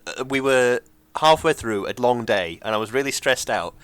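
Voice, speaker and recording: A man's voice: mid-range voice, lively intonation, moderate pace, fairly bright tone, clear, resonant tone, no room sound. A young man co-hosting a podcast, telling stories with wry, dry humor in casual chat. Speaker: podcast co-host.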